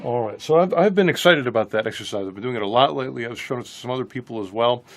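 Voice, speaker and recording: Male guitar teacher, relaxed and easygoing, faint guitar playing under his voice. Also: mid-range voice, very fast. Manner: relaxed, thinking aloud with restarts. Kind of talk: casual instructional talk.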